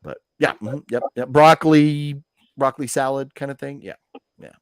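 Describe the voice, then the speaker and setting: A man's voice: medium pitch, steady tone, normal speed, clear, resonant tone, no echo, studio quality. A man hosting a live movie news stream, telling stories in a rambling, chatty way with lots of fillers. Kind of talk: casual chat.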